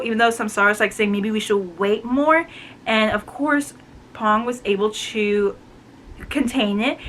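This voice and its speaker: A young adult woman retelling a book's plot in a chatty, animated way, full of fillers. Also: a little high, slight background noise. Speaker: book reviewer. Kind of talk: casual book review chat.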